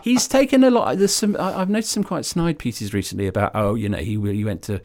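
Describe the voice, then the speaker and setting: A man's voice: a little high, fairly quick, darkish tone. A man co-hosting a podcast, giving thoughtful, enthusiastic commentary in casual chat. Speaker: podcast co-host.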